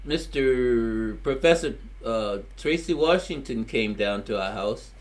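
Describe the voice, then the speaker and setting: This medium-pitched, expressive voice moves slowly. An older Louisianan recounts his life for a family history recording in his Louisiana accent, rambling plainly and voicing old exchanges.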